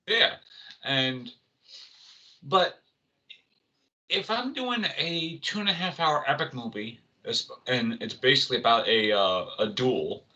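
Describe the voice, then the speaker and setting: A man co-hosts a casual entertainment chat show. His voice is very bright and edgy, and he rambles through restarts and fillers as he talks. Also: medium pitch, animated, slow, pauses often, poor audio. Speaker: co-host.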